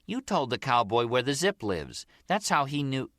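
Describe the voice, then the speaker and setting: A man's voice: mid-range voice, sing-song, normal speed, a bit bright, no echo, studio quality, voice pushed up. A man voicing a brash young woman who gossips and wheedles in an audiobook reading. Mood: gossipy.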